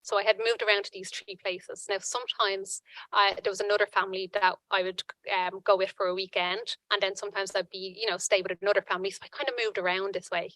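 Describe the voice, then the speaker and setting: A woman giving earnest personal testimony at a conference panel, halting with frequent restarts. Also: mid-range voice, little pitch movement, a bit bright, no echo, poor audio.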